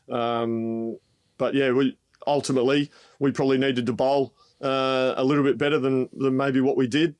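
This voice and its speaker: A man co-hosting a podcast, a former fast bowler thinking through an old match in a measured, hesitant way. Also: medium pitch, a little mellow, smooth. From Australia. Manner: measured and reflective, with hesitant restarts. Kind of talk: casual podcast chat.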